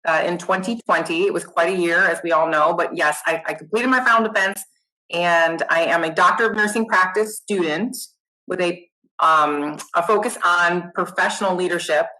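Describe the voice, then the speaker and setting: A middle-aged woman, a nurse guest, chatting casually in an interview, animated and self-deprecating. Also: lowish voice, moderate pace, poor audio.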